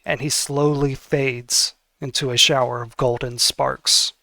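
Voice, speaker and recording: A man's voice: medium pitch, level tone, unhurried, gravelly, pushed and bright, no room sound. A man narrating a tabletop game as game master, hesitant and with many fillers.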